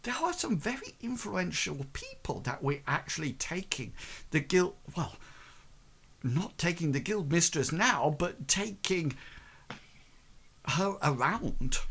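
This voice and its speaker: A man narrating as game master of a tabletop game, with a halting, filler-heavy delivery. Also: on the high side, sing-song, fairly bright tone, breathy edge.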